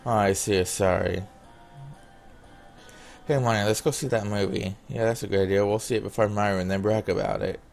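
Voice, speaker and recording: A man with a very low, gravelly voice reads a visual novel's lines aloud, one after another, in his own plain voice. Now and then he breaks off to comment casually, and faint music sits behind him. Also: fairly even intonation, brisk, pauses often, darkish tone. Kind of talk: reading game dialogue aloud with asides.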